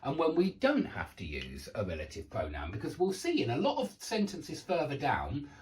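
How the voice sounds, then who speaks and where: A man's voice: mid-range voice, wildly swooping pitch, normal speed, darkish tone, distant mic, poor audio. A man teaching an online English grammar lesson, explaining patiently and checking understanding with "okay?" and "yeah?".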